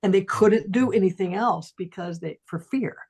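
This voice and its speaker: A middle-aged woman, a voice teacher, telling a casual story on a talk stream and acting out the voices of the people in it with big jumps in pitch. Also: moderate pace, darkish tone, husky.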